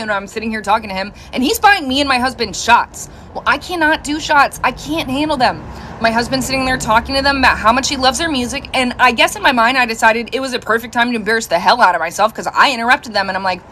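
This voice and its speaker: Bright animated woman doing a storytime, high voice, bit of hiss behind her. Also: fast. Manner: animated, acts out quoted voices, laughs often. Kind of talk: casual storytime monologue.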